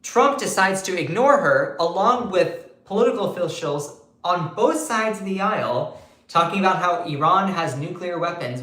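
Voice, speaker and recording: Man, live-stream commentator, sarcastic, animated, rhetorical questions, echoey room. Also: sits high, normal speed.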